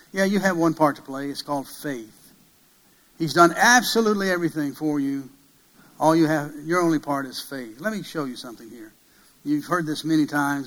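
A man preaching a sermon, emphatic, swinging from loud peaks to hushed passages and asking many rhetorical questions. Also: fairly high pitch, rough recording.

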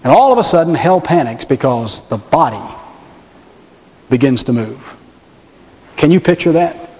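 Male pastor, sermon delivery, dramatic slow-downs, reverberant hall sound. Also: fairly high pitch, lively intonation, a little mellow. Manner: dramatic storytelling, pauses and slows for emphasis.

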